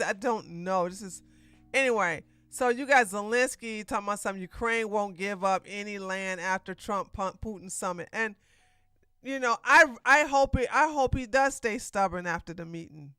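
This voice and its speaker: This casual political commentary livestream is hosted by a woman podcaster who rambles, restarts often, and answers clips as they play. Her mid-range voice sounds pushed and bright yet clean, in a dry recording.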